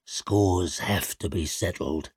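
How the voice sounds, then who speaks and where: A man's voice: deep voice, slow, no echo, clean studio sound, voice pushed down, exaggerated voice. A man doing a grim scarred old warrior. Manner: gruff, threatening.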